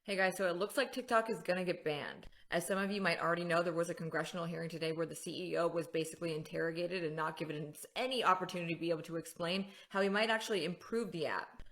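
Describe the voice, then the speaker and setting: A woman's voice: fairly low pitch, quick pace, fairly bright tone. A woman giving earnest political commentary straight to the camera.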